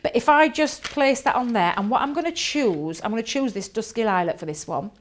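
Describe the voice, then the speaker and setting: A woman talks through a crafting demo in an easy, enthusiastic way, thinking aloud as she goes. Her voice sits a bit high, and she sounds like she's speaking indoors a little away from the mic. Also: a little fast. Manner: chatty, enthusiastic, thinks aloud while working. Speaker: craft demonstrator. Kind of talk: live crafting demonstration.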